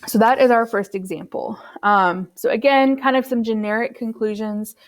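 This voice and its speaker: A woman's voice: on the high side, normal speed. A woman teaching a recorded statistics lesson, explaining step by step in a patient, conversational way with occasional ums. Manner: patient, explanatory, uses fillers like um.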